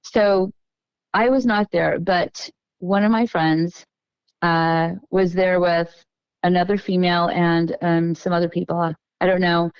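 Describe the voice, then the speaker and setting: A woman's voice: on the low side, fairly even intonation, a little slow, clean tone, no room sound, low-quality recording. A middle-aged woman guest on a podcast, telling a long story in a casual, meandering way and often stopping to correct herself.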